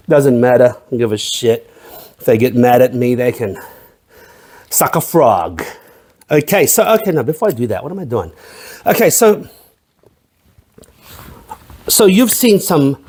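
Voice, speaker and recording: A man's voice: medium pitch, a little mellow. A man hosting a drinks review vlog, talking casually in a profane, irreverent, rambling way. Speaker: host of a drinks review channel.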